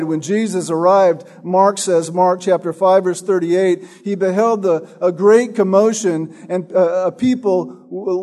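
Slow, high-voiced male preacher. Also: darkish tone. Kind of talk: sermon teaching from a Bible passage.

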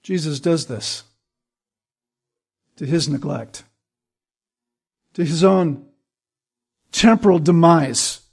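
A man's voice: a little high, slow pace, creaky, pauses often, breathy edge. A man preaching a sermon, earnest and emphatic, building points through repetition. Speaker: pastor.

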